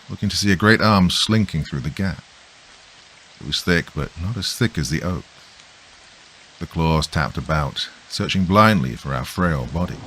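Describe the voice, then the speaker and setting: Very deep male horror narrator, hushed and measured, faint rain behind. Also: slight background noise, rough recording. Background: soft rain.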